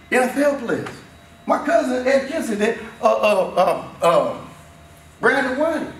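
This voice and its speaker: A man in his fifties giving an emphatic, repetitive motivational talk to a school team in a locker room, swinging between shouting and low, intense stretches. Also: big pitch swings, a little slow. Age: 50s. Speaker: motivational speaker. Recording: very echoey room, voice far off, faint noise.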